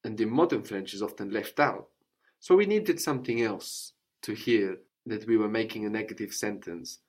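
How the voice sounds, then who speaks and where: A man's voice: lowish voice, normal speed, breathy edge. A man teaching a French lesson, explaining patiently and repeating each phrase for his student. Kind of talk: language lesson.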